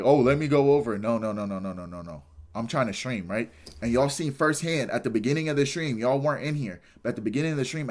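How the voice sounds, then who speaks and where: A young man ranting on his livestream, exasperated and animated, repeating himself and shouting in disbelief. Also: mid-range voice. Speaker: streamer. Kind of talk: casual livestream rant.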